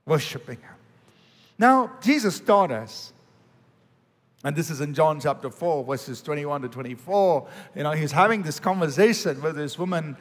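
A man with a fairly high voice preaching in a sermon, moving from ringing declarations down to soft, prayerful murmurs. He voices sample prayers as though praying them himself. A long reverb trails each phrase, as in a large church hall. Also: expressive, moderate pace. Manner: swings between loud declaring and hushed prayerful tones; acts out sample prayers in his own voice. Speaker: pastor.

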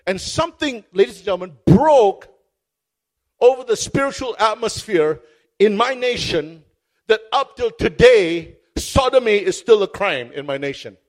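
A man with a high voice preaches from a stage. He tells his story with fervor and drives his points home by repeating phrases. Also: lively intonation, a little fast. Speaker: pastor. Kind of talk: sermon. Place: stage before a congregation.

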